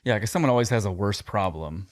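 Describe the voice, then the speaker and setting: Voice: deep voice, lively intonation, fast, no echo. Cohost chatting, agrees a lot, laughs, dry sound. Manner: short agreeing replies and laughs. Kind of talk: casual podcast chat.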